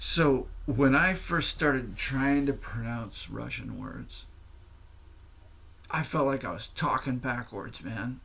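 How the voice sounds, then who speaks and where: A man's voice: medium pitch, slow, creaky, pauses often, fairly bright tone, husky. A man hosting his own podcast, talking alone in a candid, profane, rambling way. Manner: candid and profane, explains at length with fillers. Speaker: podcast host. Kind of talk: casual solo monologue.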